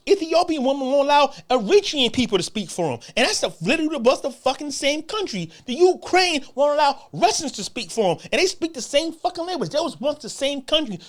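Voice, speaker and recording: A man delivering a heated, profane, repetitive rant straight to the camera. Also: extremely high pitch. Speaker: commentator. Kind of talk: ranting to-camera monologue.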